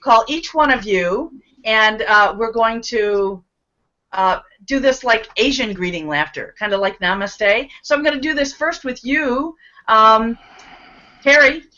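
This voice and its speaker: A woman's voice: on the high side, measured pace, bright, forceful tone, lo-fi sound. A woman hosting and leading a live online laughter yoga session, cheering people on, laughing and giving encouraging instructions over a video call.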